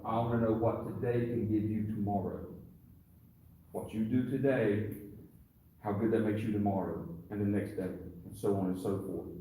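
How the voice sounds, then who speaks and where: A man's voice: fairly low pitch, fairly even intonation, normal speed, warm tone. A middle-aged man, a karate instructor, speaks earnestly and reflectively to his class in a dojo. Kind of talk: addressing a class. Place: dojo, indoors. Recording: echoey hall from far off.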